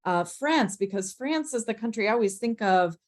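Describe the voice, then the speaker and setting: A woman moderating a casual online panel discussion, easygoing and relaxed. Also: fairly high pitch, moderate pace.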